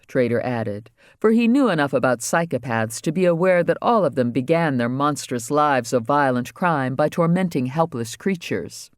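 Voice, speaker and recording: A man reading a crime novel aloud as audiobook narrator, wry and steady. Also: on the high side, no room sound, studio quality. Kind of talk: scripted narration.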